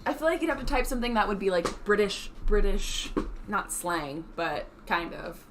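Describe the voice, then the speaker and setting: A woman's voice: mid-range voice, animated, moderate pace, background noise. A woman co-hosting a stream, chatting casually in a playful, giggly way. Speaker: stream co-host.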